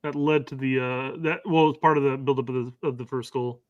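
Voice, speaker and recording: A man's voice: medium pitch, fairly even intonation, brisk, no room sound, lo-fi sound. A man co-hosting a casual soccer podcast, rambling and hedging with fillers. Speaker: podcast co-host. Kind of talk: casual sports chat.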